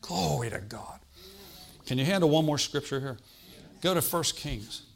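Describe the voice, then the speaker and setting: A man's voice: fairly high pitch, expressive, moderate pace, creaky. A man preaching in a conversational sermon. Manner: conversational preaching, questions to the congregation, emphatic exclamations.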